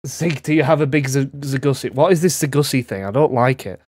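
A man's voice: mid-range voice, a little fast, darkish tone, a little hiss or hum. A man in his twenties hosting a casual gaming livestream, chatting loosely and breaking into laughter often. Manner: giggly, easily laughing, loose rambling. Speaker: streamer host.

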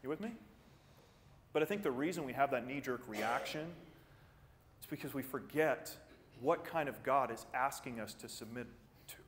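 A man preaching a sermon as pastor, earnest and animated, jumping up in pitch for emphasis and then dropping quiet, often repeating words as he starts a thought. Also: normal speed, long pauses, slight background noise. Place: church sanctuary. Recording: church sanctuary with long reverb.

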